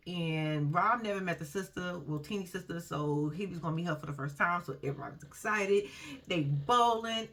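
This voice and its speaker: A woman's voice: mid-range voice, fairly bright tone. A woman giving a casual, blunt recap of a reality show, often laughing and using slang.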